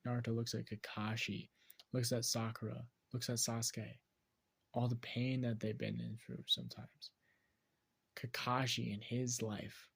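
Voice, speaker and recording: Brief: man telling a fan story off the cuff, husky, gravelly voice. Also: medium pitch. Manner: rambling, many fillers and restarts. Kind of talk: casual fan-fiction narration.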